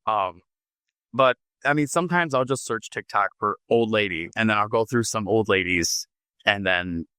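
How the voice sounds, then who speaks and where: A man who smokes, talking casually as a guest on a podcast, rambling and relaxed with lots of fillers. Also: lowish voice, normal speed, clear, resonant tone, no room sound. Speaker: podcast guest, oddities artist. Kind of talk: casual interview chat.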